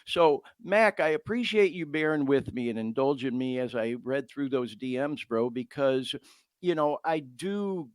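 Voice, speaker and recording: A man hosts a podcast in a heartfelt, informal way, calling his listeners y'all and bro. His pitch rises and falls freely as he speaks. The sound is dry and close, with no room echo. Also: lively intonation, measured pace. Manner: heartfelt, talks openly about feeling vulnerable. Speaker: podcast host. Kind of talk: earnest podcast conversation.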